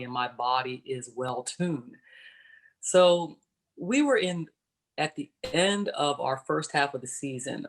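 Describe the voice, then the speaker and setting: A woman in her forties, a former professional basketball player, shares her personal story as a panelist on a virtual panel over video call. Her bass voice has a fairly bright tone, and she talks conversationally, explaining as she goes and checking in with "right?".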